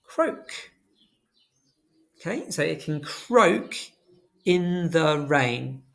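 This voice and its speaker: A primary school teacher, teaching a phonics lesson to young children and slowly sounding out words letter by letter. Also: medium pitch, lively intonation, gravelly.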